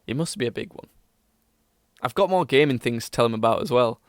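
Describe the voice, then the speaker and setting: A man's voice: medium pitch, animated, a little fast, dry recording, clean studio sound. A young man hosting a podcast, rambling casually with lots of fillers and self-mocking asides. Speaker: podcast host. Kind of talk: casual chat.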